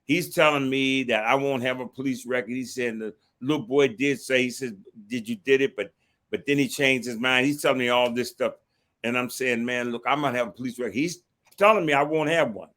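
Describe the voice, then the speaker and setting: An older man from Washington, D.C., a retired marshal who is a guest on the show, telling a personal story in a lively way and acting out the dialogue he quotes. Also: medium pitch, normal speed. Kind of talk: storytelling interview.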